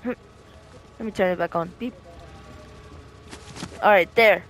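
A man's voice: high voice, measured pace, a bit bright. Goofy guy playing a game roleplay, joking around with his robot buddy. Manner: goofy, laughing, apologetic. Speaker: gaming roleplay host. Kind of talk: casual game roleplay narration.

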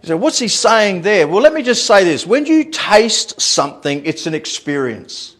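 High-pitched animated male pastor. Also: moderate pace. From Australia. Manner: animated, repeats words, laughs at his own stories. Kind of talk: sermon. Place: church.

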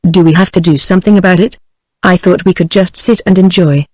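A woman's voice: fairly low pitch, fairly quick, no room sound, close to an everyday voice. A synthetic British woman reading a wistful teenage girl. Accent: British English. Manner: flat synthetic delivery, no voice change. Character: wistful seventeen-year-old girl.

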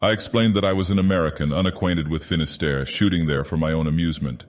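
A man reading a classic short story aloud while putting on the voice of an ancient, godlike male villain, with slow, measured, theatrical delivery. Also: sits low, lightly acted. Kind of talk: audiobook narration in character. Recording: long reverb added.

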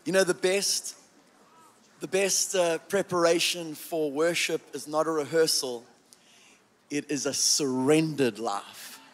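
A man's voice: fairly high pitch, slow. A man leading a congregation in fervent prayer and an offering during a live church service, exhorting them and having them repeat prayers after him. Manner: fervent, exhorting, leads call-and-response prayer.

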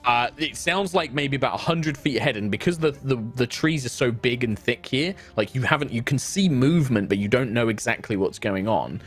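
A man's voice: medium pitch, fairly quick, few pauses, fairly bright tone. A man narrating a tabletop game as game master, casual and vivid, with lots of fillers.

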